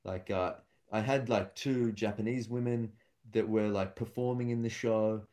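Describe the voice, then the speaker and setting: A man's voice: fairly low pitch, fairly even intonation, normal speed, warm tone. A young man, a stand-up comedian chatting casually and acting out the voices of people in his stories. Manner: rambling storyteller, acts out quotes. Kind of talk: casual podcast chat.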